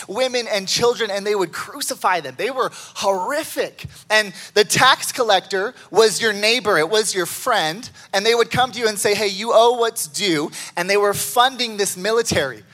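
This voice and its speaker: Male pastor, sermon, high voice, bright and forceful, animated storytelling. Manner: animated storytelling with excited pitch jumps.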